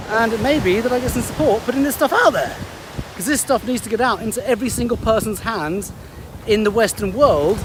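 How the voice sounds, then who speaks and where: A man, a health coach chatting upbeat in a casual vlog story, often restarting his sentences. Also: extremely high pitch. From England. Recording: wind and ocean noise behind.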